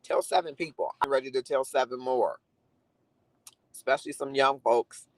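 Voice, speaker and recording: A man's voice: medium pitch, normal speed, dry recording, poor audio. A man talking earnestly and reflectively to viewers on a live stream, greeting commenters by name. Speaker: livestream host. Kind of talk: casual live chat to viewers.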